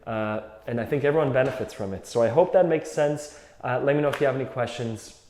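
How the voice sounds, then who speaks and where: A man's voice: mid-range voice, quick pace, a little mellow, slight background noise. A man teaching an accordion lesson in a casual, reflective way, thinking aloud as he plays and explains. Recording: roomy echo, faint accordion.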